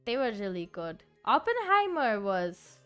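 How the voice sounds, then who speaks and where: A young woman streamer talks in loose, casual chat, her voice sitting a little high. She rambles and giggles as she goes, filling gaps with "like". Soft music plays faintly behind her. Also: very animated, unhurried, clean tone. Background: soft background music.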